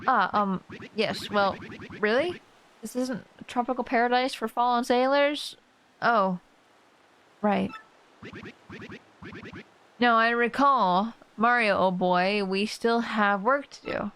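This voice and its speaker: A woman reading the lines of an old male bomb-creature sea captain aloud from a game, speaking slowly with formal, old-fashioned phrasing. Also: fairly high pitch, a bit bright, a little hiss or hum, low-quality recording. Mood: bewildered.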